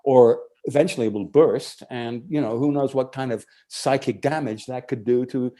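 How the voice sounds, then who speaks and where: A man doing a rambling stand-up set, telling a long story in a halting, deadpan way full of restarts. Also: mid-range voice. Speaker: stand-up comedian.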